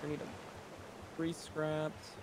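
A man's voice: a little high, completely flat delivery, drawn-out words. A man gaming with friends in casual chat, upbeat, laughing and muttering to himself as he plays. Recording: noisy voice chat.

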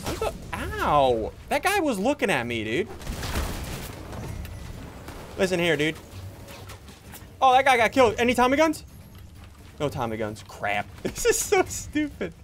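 A young man giving jokey, excitable commentary while playing a video game. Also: high-pitched, measured pace, pauses often, slight background noise. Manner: excitable, jokey, yelps and laughs mid-play. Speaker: gaming channel host. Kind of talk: live gameplay commentary.

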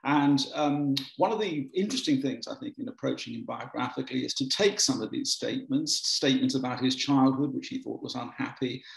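Gravelly man in an echoey room. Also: mid-range voice, brisk, hardly any pauses. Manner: hesitant, many restarts and ums, dry wry storytelling. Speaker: biographer giving a short talk. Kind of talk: anecdotal lecture talk.

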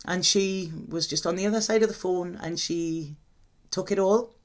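A woman's voice: fairly low pitch, moderate pace. A woman speaks straight to her viewers as a tarot reader, opening up in a personal confessional monologue. Her talk is candid and emotional, with casual swearing dropped in without fuss.

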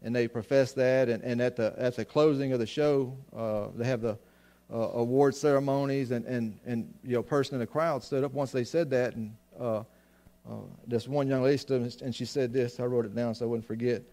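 A man's voice: mid-range voice, steady tone, normal speed, mellow. A man preaching a sermon to his congregation, often restarting phrases and asking them questions. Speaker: pastor.

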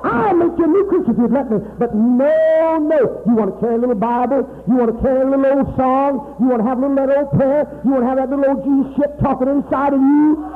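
A man preaching a sermon to his congregation in a mocking, profane manner, swinging between loud outbursts and hushed, confiding talk. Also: very high voice, fairly even intonation, quick pace, few pauses. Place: church hall. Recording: tinny old tape from a reverberant hall.

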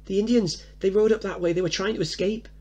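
A man voicing a boisterous seven-year-old boy in a high, excitable tone, reading the play aloud. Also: fast talker, natural voice. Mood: pleading.

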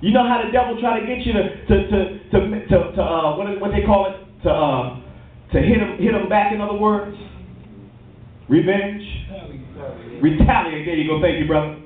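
A man pastor preaching a sermon in a church, lively and calling for responses. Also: high voice, moderate pace. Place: church hall. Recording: tinny, distant, very echoey church recording.

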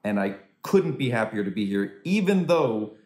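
Male stand-up comic performing from home over a video call, lively delivery, roomy echo. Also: moderate pace. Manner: animated, swoops into high voices for quoted people. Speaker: stand-up comedian. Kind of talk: stand-up comedy set for a virtual charity dinner.

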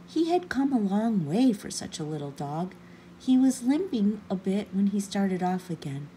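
A woman reading a children's picture book aloud with gentle, expressive narration. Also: medium pitch, normal speed, slight background noise. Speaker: children's story reader. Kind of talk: storybook read-aloud.

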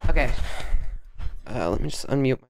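A woman's voice: a bass voice, lively intonation, moderate pace, a little hiss or hum. A young woman streaming from her bedroom, chatting casually with a hyper, playful, mock-dramatic manner. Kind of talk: casual live-stream chat. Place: bedroom at home.

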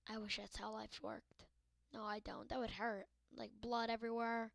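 A woman's voice: a little high, little pitch movement, normal speed, vocal fry, no echo. A young woman hosting a let's-play video, giving hyper, goofy, rambling commentary into a desk mic. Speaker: gaming video host.

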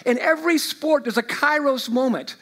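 A man preaching a sermon as pastor, swinging from loud proclamation to quiet, chatty asides. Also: very high voice, moderate pace. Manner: chatty, uses sports illustrations and fillers.

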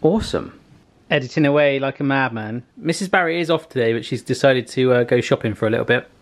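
A man's voice: medium pitch, fast. A man hosting a casual vlog, chatty and jokey. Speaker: vlog host.

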